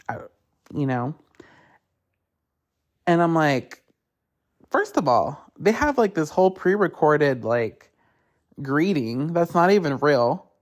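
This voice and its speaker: A man hosting a podcast, telling a story as a casual solo rant, swearing freely and acting out other people's lines. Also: a little high. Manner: animated, profane storytelling; acts out others in quotes. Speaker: podcast host.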